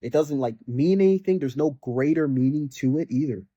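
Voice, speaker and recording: A man's voice: a little high, brisk, mellow, dry recording, muffled recording. A young man ranting casually about a video game, rambling with lots of fillers and mocking the characters in exasperated bursts. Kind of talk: casual rant.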